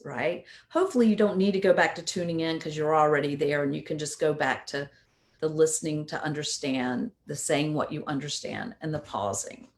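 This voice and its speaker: A woman coach giving a casual instructional talk in a conversational way, often checking in with "right?". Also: low voice.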